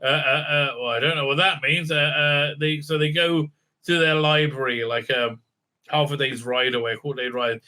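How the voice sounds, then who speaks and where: Sarcastic, profane man with a bright, cutting voice. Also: normal speed. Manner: sarcastic, profane, mocking, lots of "uh, uh" fillers; lively pitch swings for mocking asides. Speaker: show host reviewing a TV episode. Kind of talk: ranting recap and review.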